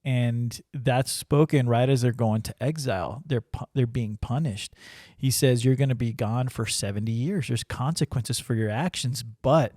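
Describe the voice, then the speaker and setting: A man's voice: medium pitch, normal speed, a little mellow, dry recording, studio quality. A man sharing a personal faith story in casual conversation, earnest and full of restarts. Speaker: ranch crew member sharing testimony.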